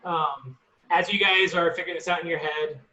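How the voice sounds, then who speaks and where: A man narrating as game master of a tabletop game, slow and halting with many fillers. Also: fairly high pitch, fairly even intonation, pushed and bright. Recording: echoey, dull lo-fi room recording.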